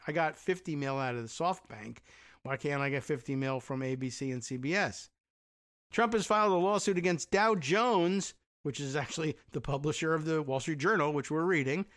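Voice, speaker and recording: A man's voice: on the high side, a bit bright. Sarcastic man reading news with wry asides. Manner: sarcastic, wry asides between read passages. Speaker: commentator reading news aloud. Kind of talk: casual political commentary reading an article.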